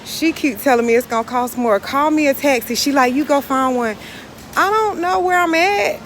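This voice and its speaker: A woman with a high-sitting voice speaks at a moderate pace as she vlogs to camera on city streets, hot and out of breath from walking. She vents frankly and irritably before turning motivational, with street and traffic noise running under her voice.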